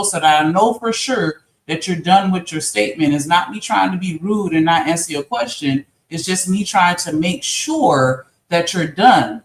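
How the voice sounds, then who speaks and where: A woman on a livestream, earnestly explaining herself in an apologetic way, often repeating her points. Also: lowish voice. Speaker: stream guest. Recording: roomy echo.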